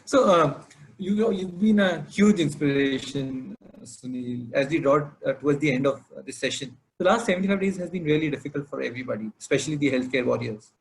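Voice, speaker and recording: Male webinar host, gravelly timbre, formal and measured. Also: on the high side, slight background noise, low-quality recording. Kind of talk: hosting a webinar interview.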